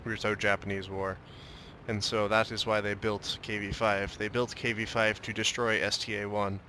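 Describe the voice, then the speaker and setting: A man's voice: lowish voice, little pitch movement, moderate pace, bright, forceful tone, a little hiss or hum. A young man casually commenting on his own tank battle, joking and slipping into a mock Russian way of talking. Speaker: gameplay commentator.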